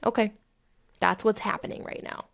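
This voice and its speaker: Candid, gravelly-voiced young woman podcaster. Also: mid-range voice, moderate pace, darkish tone. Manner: candid, swears freely, acts out inner dialogue. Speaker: podcast host. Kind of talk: casual self-help monologue.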